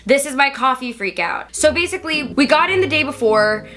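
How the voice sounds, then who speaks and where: Bright-voiced young woman vlogging. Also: high-pitched, animated, brisk, faint music behind. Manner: candid, chatty, self-critical. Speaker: youtuber reacting to her show. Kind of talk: casual vlog commentary.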